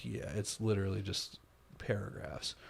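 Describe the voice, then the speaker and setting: A man's voice: fairly low pitch, level tone, moderate pace, vocal fry, husky. A man hosting a casual podcast as a DJ, sarcastic and profane, laughing often. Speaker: DJ and podcast host. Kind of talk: casual chat.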